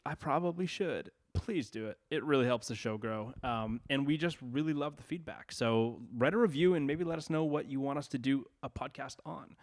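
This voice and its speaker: A man's voice: mid-range voice, a little fast, few pauses, darkish tone. A young man co-hosting a casual podcast, talking in an upbeat, chatty way with plenty of fillers. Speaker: podcast co-host.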